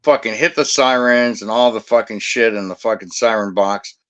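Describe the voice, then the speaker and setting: A man's voice: on the low side, normal speed, a bit bright. A man who used to guard a cemetery tells blunt, profane anecdotes in casual chat. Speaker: former cemetery security guard.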